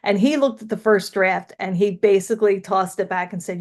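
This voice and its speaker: A woman's voice: mid-range voice, fairly even intonation, brisk. Middle-aged woman frank, chatty storyteller with a Delaware County accent. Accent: Delaware County, Pennsylvania. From Philadelphia area, USA. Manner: chatty, frank, laughs often, tells stories. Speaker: guest, author and former radio broadcaster. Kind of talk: casual interview chat.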